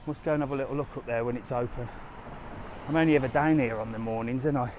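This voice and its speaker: A travel vlogger strolls down a resort street outdoors, hosting a casual live walking tour and reading viewer comments aloud. His medium-pitched, darkish voice is steady and fast, and he talks straight to his audience in a chatty, easygoing way. Slight background noise is audible.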